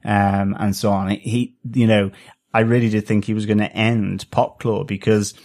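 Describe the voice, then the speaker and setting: A man's voice: lowish voice, flat delivery, moderate pace, darkish tone. A man co-hosting a podcast, talking through a show in a loose, hesitant way and chuckling often. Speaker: podcast co-host. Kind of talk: casual review chat.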